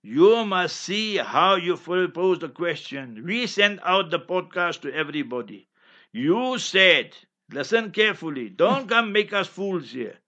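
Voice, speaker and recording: A man's voice: sits high, big pitch swings, a little slow, pushed and bright, dull audio. A man, an Islamic scholar answering listener questions on a radio podcast in an emphatic, scolding, preacher-like way.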